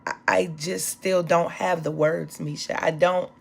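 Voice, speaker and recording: A woman preaching with a lower-pitched voice. Her delivery is impassioned and climbs to high, ringing cries as she draws in her listeners. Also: steady tone, measured pace, gravelly, breathy edge. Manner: impassioned, rising to high exclamations; speaks of the Spirit, call-and-response. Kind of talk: sermon.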